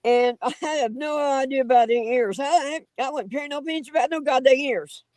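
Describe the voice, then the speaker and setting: A woman telling her own encounter stories as a livestream guest, in a folksy, animated and dramatic way with rough grammar. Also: high voice, brisk, no echo, rough recording. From Oklahoma. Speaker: guest storyteller on a paranormal livestream. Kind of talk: casual livestream storytelling.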